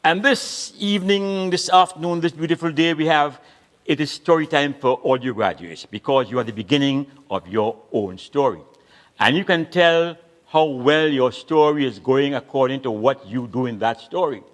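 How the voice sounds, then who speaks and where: A man's voice: mid-range voice, moderate pace. Older trini guy telling funny stories and reciting verse, swoops all over, theatrical. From Caribbean. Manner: lively, theatrical, playful voices and rhythmic delivery. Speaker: storyteller performing at a graduation. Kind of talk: comic storytelling and dialect poetry performance.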